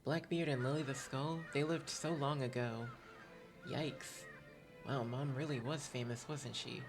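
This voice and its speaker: A man's voice: mid-range voice, steady tone, unhurried, lightly acted. A man reading game dialogue aloud, voicing an eager, stubborn young boy adventurer in an earnest, cheeky manner. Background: game music.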